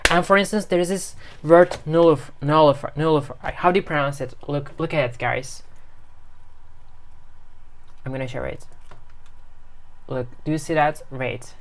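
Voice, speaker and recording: A woman's voice: sits low, fairly even intonation, normal speed, pauses often. A woman talking casually in a vlog as an English learner, leaning on fillers and restarts and repeating lines aloud to practice.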